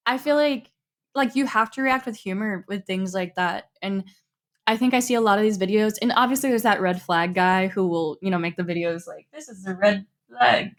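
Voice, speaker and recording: Young woman, podcast co-host, loose chatty storyteller, middle pitch. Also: brisk. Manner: chatty, animated storytelling with quoted asides. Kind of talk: casual chat.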